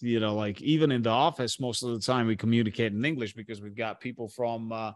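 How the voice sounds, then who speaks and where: A man's voice: mid-range voice, steady tone, quick pace, no echo. A man hosting a podcast, talking casually and swearing freely, often stumbling and restarting. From Bulgaria. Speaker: podcast host.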